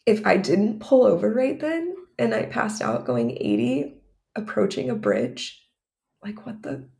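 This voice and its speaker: A woman's voice: mid-range voice, wildly swooping pitch, measured pace, creaky, darkish tone. A woman in her thirties, a podcast co-host, telling a personal story in a candid, run-on way with many filler words.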